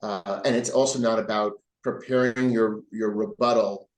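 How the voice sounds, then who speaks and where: A man, a rabbi, answering interview questions earnestly and growing animated as he tells stories. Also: on the low side, normal speed. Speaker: rabbi guest. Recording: roomy echo.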